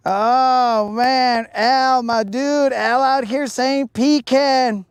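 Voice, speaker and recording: A man talks on a live fishing stream in an unhurried, drawn-out way, hamming up a mock-serious rant. His voice sits at an ordinary middle pitch. The sound is close and dry. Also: steady tone, clean tone, dry recording. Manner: playful mock-serious ranting, drawn-out words. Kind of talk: casual live-stream chat. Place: outdoors on a lake while fishing.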